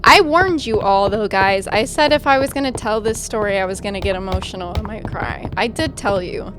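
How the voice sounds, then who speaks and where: A woman's voice: mid-range voice, brisk, a bit bright, soft background music. A woman streaming a game live, chatting casually with her viewers and calling herself very emotional. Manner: chatty, self-described emotional, talks to chat. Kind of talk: casual live-stream chat while gaming.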